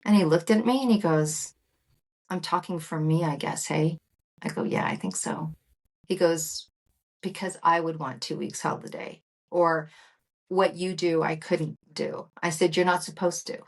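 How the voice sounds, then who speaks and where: A woman's voice: lowish voice, normal speed. A woman in her fifties, a guest entrepreneur in an interview, telling stories animatedly and acting out quoted lines. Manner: animated storytelling, acts out quoted dialogue. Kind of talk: interview conversation.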